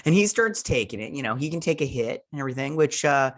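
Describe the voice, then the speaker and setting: A man's voice: mid-range voice, animated, fast. A man hosting a show, recapping an episode in a loose, rambling way, full of fillers and restarts, now and then slipping into goofy voices for quotes. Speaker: show host reviewing a TV episode.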